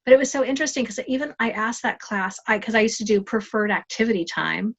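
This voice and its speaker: Lively, self-mocking woman telling stories. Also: fairly high pitch, fast talker. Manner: lively, self-deprecating, humorous storytelling. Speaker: guest, life coach. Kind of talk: storytelling in a podcast interview.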